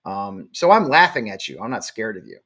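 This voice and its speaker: A man's voice: on the low side, very animated, brisk, a bit bright. A man in his forties hosting a live show, blunt, defiant and profane. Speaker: show host.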